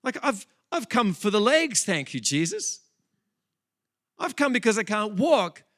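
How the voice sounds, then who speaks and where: A preacher putting on a baffled, indignant paralysed man who has just been lowered through a roof. He protests in a raised, climbing voice that swings wildly up and down. It is a loud, incredulous outburst. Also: very animated, measured pace, heavily acted.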